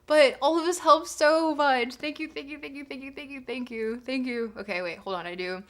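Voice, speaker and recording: A woman's voice: high voice, normal speed, few pauses. A young woman streaming live, chatting casually, bubbly and giggly as she gushes thanks to her viewers. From Canada.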